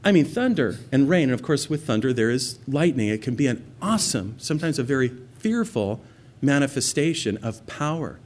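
Man, pastor, sermon, mid-pitched voice, dynamic emphasis, loud peaks and quiet asides. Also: brisk. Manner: expressive preaching, rising loud on scripture, dropping soft for intimate points.

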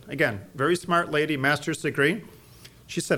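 Middle-aged male evangelism teacher, slightly higher voice, emphatic, quizzes the room. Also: a little fast, a bit bright. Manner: emphatic, quizzes audience with fill-in-the-blank questions. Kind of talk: church teaching talk.

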